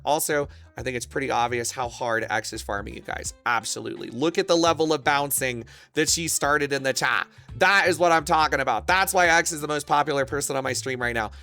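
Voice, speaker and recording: A man streaming, talking casually in a crude, rambling way with excitable bursts. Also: mid-range voice, a little fast, gravelly, hardly any pauses, faint music behind.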